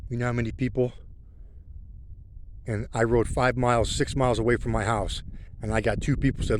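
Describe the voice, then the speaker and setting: A man's voice: medium pitch, little pitch movement, brisk, pauses often, a little hiss or hum. A middle-aged man, talking in a rambling, heartfelt way while out on a country road. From rural country background. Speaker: motorcycle vlogger. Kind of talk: casual spoken vlog while riding.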